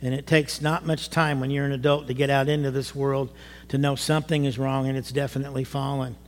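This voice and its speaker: A middle-aged man preaching a sermon to his church, animated, rising to emphatic bursts. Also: mid-range voice, a little fast. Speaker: pastor. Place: church sanctuary. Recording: long hall reverb.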